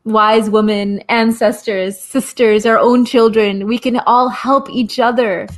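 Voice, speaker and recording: A woman in her forties with a slightly high voice, speaking earnestly and with passion. She tells her story in a rhythmic, repetitive cadence, often returning to the same phrases. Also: flat delivery, a little slow. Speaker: guest speaker, activist. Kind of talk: impassioned storytelling in conversation.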